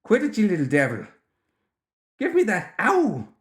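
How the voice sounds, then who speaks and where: A man's voice: high-pitched, wildly swooping pitch, unhurried, reverberant, voice pushed up, full character voice. A man voicing a tough, dazed brawler who hollers in exasperation. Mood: angry hollering.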